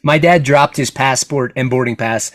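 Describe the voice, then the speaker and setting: Male panelist, middle pitch, dry sound, stumbling and wry. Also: dry recording. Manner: halting, bemused storytelling. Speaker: podcast panelist. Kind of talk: roundtable chat.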